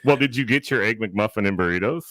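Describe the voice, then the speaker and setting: A man's voice: fairly low pitch, quick pace, fairly bright tone, dry recording, studio quality. A man co-hosting a casual morning radio chat, adding wry jokes. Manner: wry, joking commentator. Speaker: radio co-host.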